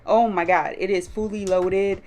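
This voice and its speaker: A woman's voice: mid-range voice, moderate pace. Chatty jet-lagged woman vlogging. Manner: animated, talks straight to viewers with repeated yeses and listens. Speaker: vlogger host. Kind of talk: casual chatty vlog to camera. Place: her closet room at home.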